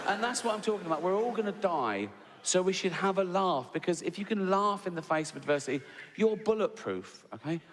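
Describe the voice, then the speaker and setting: His voice sits high, with lively intonation and a slightly fast delivery, as this English comedian in his sixties spins stand-up stories. He peppers them with "right?" and laughs along, all in a long hall reverb.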